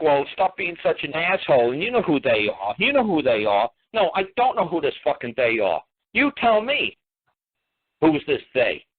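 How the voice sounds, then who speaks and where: A man on a call-in radio show, his voice thin and tinny as if coming down a phone line. He talks in a mid-range voice and hammers away with repeated, heated rhetorical questions. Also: mid-range voice. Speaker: radio talk show host. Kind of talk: emphatic call-in radio talk.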